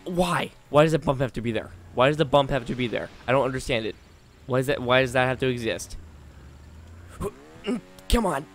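A man narrating his own gameplay at an ordinary middle pitch. He mutters encouragement under his breath, then bursts out in frustration at the game. His talk is loose and chatty, full of coaxing and complaints. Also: brisk, slight background noise. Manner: talks to himself and the game, swinging between muttering and exasperated outbursts. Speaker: gaming channel host. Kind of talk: live gameplay commentary.

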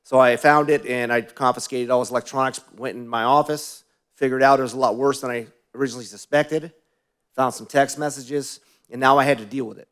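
A male pastor giving a sermon, telling personal stories in a conversational way and asking the congregation questions, often dropping to quieter asides. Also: medium pitch, steady tone, fairly quick.

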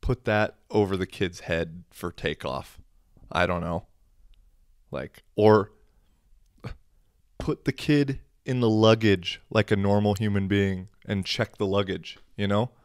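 A man's voice: lowish voice, takes it slowly, smooth, dry recording, clean studio sound. A young man hosting a casual solo podcast, rambling and sarcastic, swearing freely. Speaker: podcast host.

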